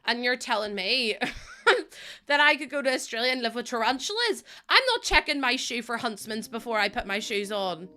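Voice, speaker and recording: A woman's voice: a little high, lively intonation, moderate pace, bright, forceful tone. A young woman with a Northern Irish accent, chatting and laughing with viewers on a casual live stream while she builds in a game. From Northern Ireland. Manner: chatty and rambling, laughs often, talks to viewers.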